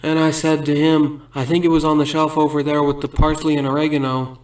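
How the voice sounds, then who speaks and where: A man's voice: on the high side, little pitch movement, brisk. A man telling a string of absurd stand-up jokes in a rambling way, laughing at his own punchlines between bits. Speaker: comedian. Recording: roomy sound from a distant mic.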